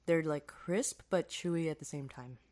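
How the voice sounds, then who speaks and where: A woman co-hosting a casual podcast chat, playful and giggly, with quick comebacks. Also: sits low, dark tone. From Indiana. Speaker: podcast co-host.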